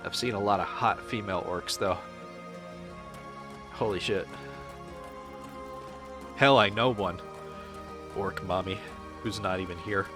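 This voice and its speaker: A man's voice: sits low, measured pace, long pauses, over music. A man chatting casually on a game stream, rambling and swearing as he answers chat.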